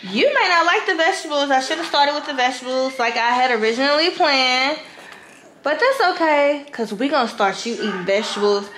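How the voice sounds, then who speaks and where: A young woman, feeding her baby at home and cooing at her in slow, soothing baby talk. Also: high-pitched, a bit bright, roomy sound, a little hiss or hum, low-quality recording. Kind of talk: home vlog, talking to a baby. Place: home kitchen with a TV on.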